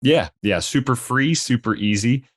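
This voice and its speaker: A young man as a podcast guest, explaining his startup in a steady pitching manner. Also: normal speed, no room sound, studio quality. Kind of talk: podcast interview.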